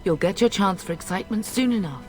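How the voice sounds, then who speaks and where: A woman's voice: medium pitch, expressive, quick pace, faint music behind, lightly acted. An actress playing a proud, caring noble mother in a video game, speaking formally and firmly. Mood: earnest. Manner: dignified, formal speech. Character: proud noble mother, middle-aged, caring but firm.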